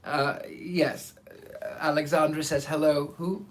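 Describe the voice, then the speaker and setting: Speaking slowly in a steady tone, a man with a fairly high voice runs a live online reading show, with a little hiss or hum in the background. He greets viewers by name and banters with them theatrically before starting to read a book aloud.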